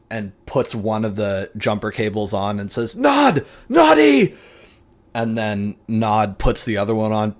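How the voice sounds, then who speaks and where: A man narrating as game master, casual and vivid, with frequent swearing and fillers. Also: on the low side.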